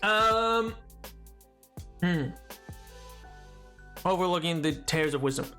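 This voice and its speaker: Guy streaming to chat, kinda high voice, slow rambly self-roasting talk, quiet music in the back. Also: lively intonation. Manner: rambling and self-mocking, laughs often. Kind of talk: casual live-stream chat with viewers.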